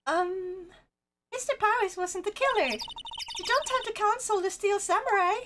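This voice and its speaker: A woman voicing a hesitant, polite young male defense lawyer in a lowered voice. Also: expressive, a little slow, music in the background. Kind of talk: game character voice on a stream.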